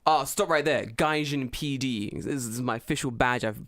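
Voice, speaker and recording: A man playing a self-important foreign resident who acts like a police officer, loudly barking orders and talking down to people. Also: medium pitch, normal speed, natural voice. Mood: pompous. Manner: loud, pompous, barking orders.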